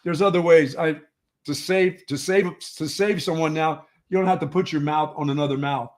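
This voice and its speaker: A man co-hosts a sports talk show in loose, casual banter. His voice sits slightly high for a man, and he rambles through stories, stumbling and restarting his words. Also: moderate pace. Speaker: sports radio co-host.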